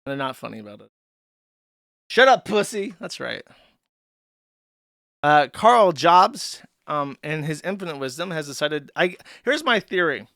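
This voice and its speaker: A man's voice: fairly high pitch, big pitch swings, a little slow, vocal fry, sharp tone, no room sound, clean studio sound. A man hosting a stream commentary, ranting sarcastically with lots of swearing and filler words. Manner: profane, sarcastic, frequent fillers. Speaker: commentary host.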